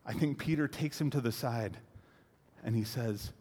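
A man preaching a sermon in an animated way, acting out quotes and swelling to loud climaxes. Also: mid-range voice, moderate pace. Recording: echoey hall reverb.

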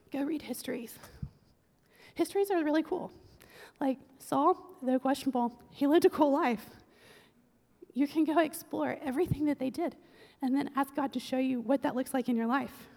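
High-voiced woman preaching with jokes. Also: a little mellow. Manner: chatty, joking, quick asides. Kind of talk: casual humorous sermon. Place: church sanctuary. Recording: long church-hall reverb.

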